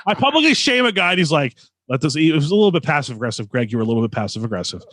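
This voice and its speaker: A man's voice: a little high, very animated, rapid-fire, fairly bright tone, dry recording, studio quality. A man co-hosting a podcast in casual chat, teasing his co-host and rambling with lots of fillers.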